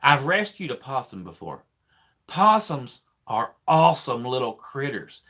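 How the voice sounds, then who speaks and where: A man's voice: mid-range voice, sing-song, unhurried, bright, forceful tone. A man, a trucker hosting a casual live chat, rambling and repeating himself as he talks. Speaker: trucker and channel host.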